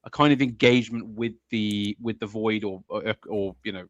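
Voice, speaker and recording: Low-voiced man with dull lo-fi sound. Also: steady tone, moderate pace, no echo. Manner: playful, teasing, stammering restarts. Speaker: podcast guest. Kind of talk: casual conversation.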